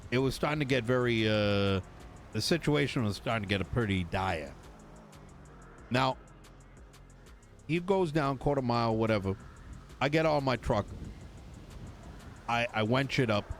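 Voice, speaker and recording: A man's voice: mid-range voice, expressive, a little slow, long pauses, soft background music. A man in a role-play game telling a story in character as a mechanic, acting out other people's lines and swearing casually. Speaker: mechanic and tow driver in a role-play server.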